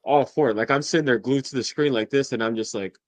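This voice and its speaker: A man chatting as a podcast guest, excitable and profane, laughing often as he talks. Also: mid-range voice, quick pace, no echo. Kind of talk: casual chat.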